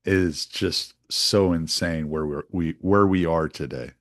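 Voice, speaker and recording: A man's voice: low voice, a little slow, no room sound, clean studio sound. A man hosting casual political commentary, rambling with lots of fillers and restarts. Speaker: host.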